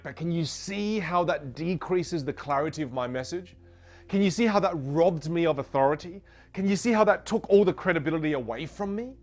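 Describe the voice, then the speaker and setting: Energetic male speaking coach, lively swinging pitch, asks the listener questions. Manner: energetic, rhetorical questions, demonstrates trailing off and fillers. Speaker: communication coach. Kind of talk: instructional lesson.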